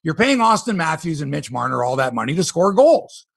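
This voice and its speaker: Gravelly-voiced middle-aged man ranting on sports. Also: fairly high pitch, brisk, no room sound, clean studio sound. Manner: animated, ranting, sarcastic. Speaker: sports podcast host. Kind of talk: casual sports podcast chat.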